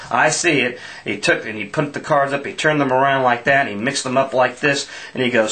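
A man's voice: medium pitch, a little fast, few pauses, pushed and bright. Folksy man telling a card-trick story. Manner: folksy slang, stammers and restarts. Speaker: amateur magician. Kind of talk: casual storytelling while doing a card trick.

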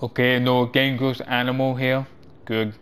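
A man hosting a gaming channel, chatting through a walkthrough in loose, halting English and getting excitable as he plays. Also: medium pitch, clear, resonant tone. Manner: loose, halting non-native English phrasing. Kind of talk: gameplay walkthrough commentary.

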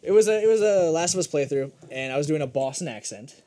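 A man's voice: on the high side, animated, quick pace. A man bantering casually with friends over a game, joking and rambling. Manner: joking, rambling, swings between loud bits and mumbles. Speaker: let's play co-host.

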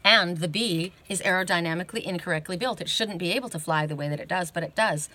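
A woman's voice: fairly low pitch, fast, pushed and bright. A woman giving an oracle card reading in a casual, rambling way, often thinking aloud and tagging her points with a questioning "right?".

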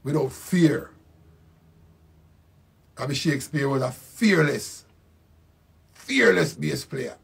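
An older man with a Jamaican accent giving a slow, reflective spoken tribute, repeating his phrases. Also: on the high side, lively intonation, vocal fry, breathy edge. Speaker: musician.

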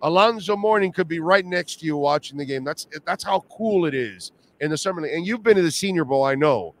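A sports radio host from Miami with a Miami accent, pitched a bit high for a man. He talks loosely and animatedly, with slang and restarts. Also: lively intonation, a little fast. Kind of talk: casual sports talk.

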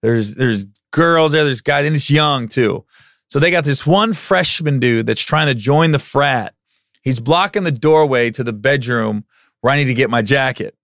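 A man in his forties hosting a podcast, telling a personal story in a casual, animated way and acting out what people said. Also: medium pitch, normal speed, no echo, studio quality. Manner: animated, acts out quotes in loud raised voices. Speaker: podcast host.

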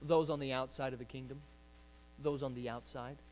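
A man preaching a sermon as pastor, emphatic, swinging from hushed lines to loud ones. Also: medium pitch, steady tone, brisk, long reverb tail.

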